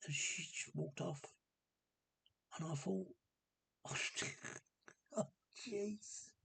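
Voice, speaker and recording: A man talking casually to camera in a hesitant, rambling and subdued way, with a gravelly, husky voice. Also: a little high, steady tone, drawn-out words, sharp tone, no echo. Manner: hesitant and rambling, many ums. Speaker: vlogger. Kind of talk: casual personal monologue.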